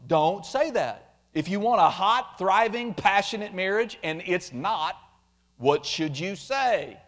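A man preaching a sermon, animated, acting out quoted complaints in mocking voices. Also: sits high, takes it slowly. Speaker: pastor.

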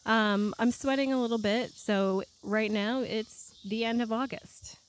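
A woman from New York hosting a casual podcast chat, bubbly and quick to laugh, recorded on a back deck at night. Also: on the high side, fairly even intonation, a little hiss or hum. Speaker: podcast host.

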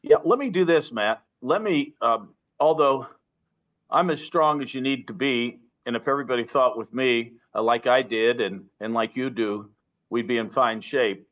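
A man, a lawyer, talking as a podcast guest in an earnest, measured way, restarting and repeating phrases. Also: medium pitch, fairly bright tone, muffled recording. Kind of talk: podcast interview.

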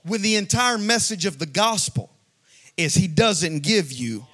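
Male pastor preaching, kinda high voice, shouts then drops low, sing-song cadence. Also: animated, measured pace. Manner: impassioned preaching, swinging from shouted cadence to quiet aside. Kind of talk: sermon. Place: church sanctuary before a congregation.

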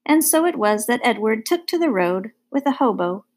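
A woman narrating a children's novel chapter in a measured, clear storytelling manner. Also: a little high, animated. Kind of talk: audiobook narration.

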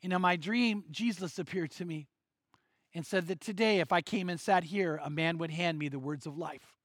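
A man voicing an older male holy man who speaks quietly and in a hushed way. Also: a little high, normal speed, no echo, studio quality, pitched below the performer's own voice.

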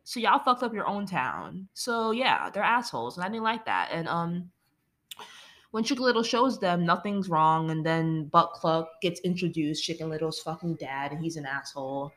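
A woman's voice: on the low side, lively intonation, normal speed, fairly bright tone. Profane woman ranting about a movie. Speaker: movie reviewer. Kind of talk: casual movie rant.

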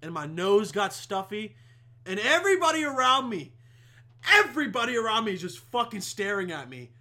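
High-voiced, profane young podcast guy. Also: sing-song, moderate pace, sharp tone. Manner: rambling and heavily profane, with many fillers. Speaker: podcast host. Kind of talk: casual storytelling monologue.

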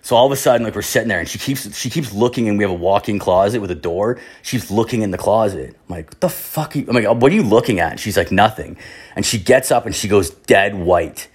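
A man's voice: lowish voice, fast, hardly any pauses, husky. A young man telling a long casual story, swearing constantly and filling his speech with "like.". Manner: profane, rambling, heavy use of filler "like".

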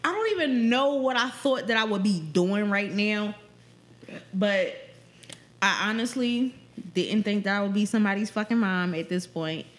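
A woman's voice: medium pitch, moderate pace. A pregnant young woman co-hosting a podcast, telling a story in casual chat, swearing a lot and acting out what people said. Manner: profane, animated storytelling, quotes people often. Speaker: podcast co-host.

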